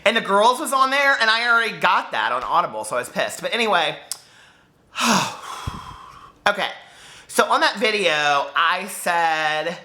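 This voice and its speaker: A man hosting a casual book vlog from home, telling stories straight to his viewers. His voice is bright and forceful, and his pitch swings widely as he goes. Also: moderate pace, pauses often. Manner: animated storyteller, talks straight to viewers. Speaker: book vlogger.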